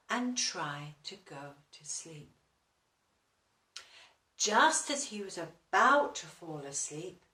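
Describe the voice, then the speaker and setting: A woman reads a children's story very slowly and stops to ask her young listeners questions. Her voice rings in a roomy, echoing space. The mic picks her up from some distance. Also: fairly low pitch, bright, forceful tone.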